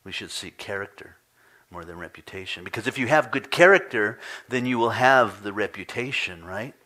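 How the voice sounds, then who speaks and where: Pastor, male, bright lowish voice; animated sermon delivery that dips to near-whispers. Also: normal speed. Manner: animated storytelling, voice climbing high and loud when retelling frustration; drops to a soft, near-whispered hush on solemn points.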